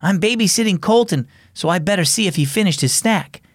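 A man's voice: high-pitched, expressive, dry recording, clean studio sound, pitched above the performer's own voice. A man doing an earnest older brother. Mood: calling. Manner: earnest, quick to apologize. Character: remorseful older brother, a boy babysitting.

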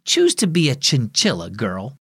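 A man voicing a calm, reassuring mother in a children's story. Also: mid-range voice, normal speed, husky, dry recording, studio quality, voice pushed down, full character voice. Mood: warm. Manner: gentle, reassuring.

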